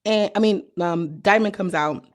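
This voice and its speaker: A young woman recapping a reality show in casual, slangy chat, her voice a little hoarse. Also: mid-range voice, moderate pace. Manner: chatty, slangy, animated retelling. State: slightly hoarse voice.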